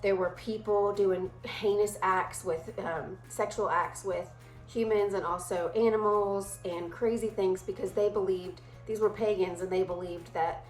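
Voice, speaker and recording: A woman leading a casual Bible study, talking in a chatty, animated way and briefly acting out playful voices. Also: medium pitch, unhurried, reverberant, faint music behind, poor audio.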